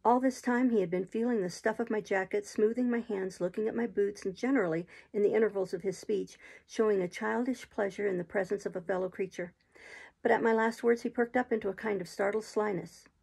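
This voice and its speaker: A woman reading a classic adventure novel aloud as an audiobook in a steady, unhurried storytelling manner. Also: mid-range voice, gravelly, slightly rough, poor audio. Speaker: audiobook reader.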